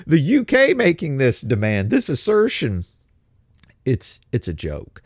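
A man, from America, giving a casual commentary monologue, halting and restarting phrases as he goes. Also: medium pitch, wildly swooping pitch, husky, no echo, studio quality. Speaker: political commentator.

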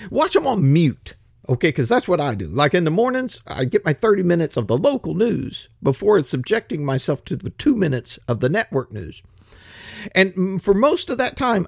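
A man's voice: high-pitched, vocal fry, no room sound, studio quality. An older man, giving a blunt, grumpy monologue that swears freely and acts out other people's voices. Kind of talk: ranting monologue.

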